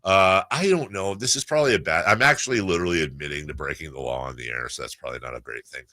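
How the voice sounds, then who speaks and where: A middle-aged man hosting sports talk radio, telling stories in a casual, animated way. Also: low-pitched, fast talker, no echo. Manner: animated storyteller, puts on voices in quotes. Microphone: studio microphone.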